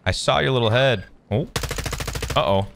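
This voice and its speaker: A man giving excitable, joking gameplay commentary with sarcastic trash talk while playing a shooter game. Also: medium pitch, moderate pace, creaky, background noise. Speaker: gaming video creator. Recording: loud game gunfire behind voice.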